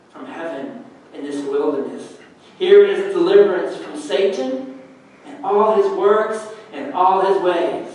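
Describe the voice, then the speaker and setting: A man preaching a sermon as pastor, in a measured way with long pauses, heard from a distance in a church. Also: a little high, very echoey.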